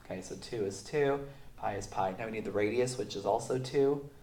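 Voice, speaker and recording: A man who is sick, teaching a recorded math lesson in a relaxed way with many fillers, going through the steps slowly. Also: on the low side. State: sick, voice sounds off. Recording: roomy echo.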